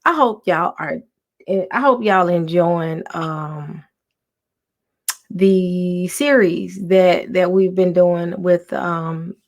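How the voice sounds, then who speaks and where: A woman hosting a casual livestream from home, talking softly with many ums and restarts. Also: on the low side, extremely slow, muffled recording. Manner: soft, half-whispered talk with many ums and restarts. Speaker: livestream host.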